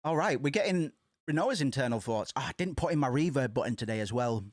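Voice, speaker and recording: A man streaming himself playing a video game, chatting excitedly into a desk microphone, swearing and restarting his sentences. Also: medium pitch, fast talker, no echo, studio quality. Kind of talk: casual let's-play commentary.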